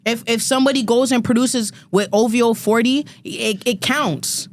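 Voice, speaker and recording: A woman's voice: fairly high pitch, moderate pace. A woman in her thirties on a podcast panel, delivering a heated, profane rant with emphatic repeats and stumbles. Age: 30s. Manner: ranting, emphatic, profane, repeats words when fired up. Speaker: guest panelist.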